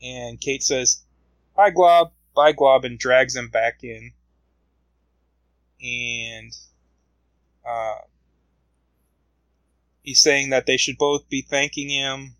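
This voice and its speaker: Slow-talking man recapping a comic. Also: mid-range voice, level tone, bright, forceful tone, smooth, no room sound, poor audio. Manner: rambling retelling with many fillers. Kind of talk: casual comic book recap.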